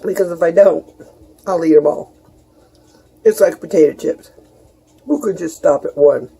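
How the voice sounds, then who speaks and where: Woman, middle-aged, mellow husky voice, rambling homey kitchen chat. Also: fairly low pitch, a little slow. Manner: chatty, rambling, homey asides to viewers. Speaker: home cooking vlogger.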